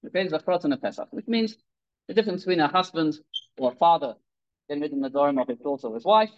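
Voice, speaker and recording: Man giving a lively sermon, dull recording. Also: fairly high pitch, rapid-fire. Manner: animated, acts out quoted characters, many restarts. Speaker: rabbi giving a Torah talk. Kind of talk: sermon with storytelling.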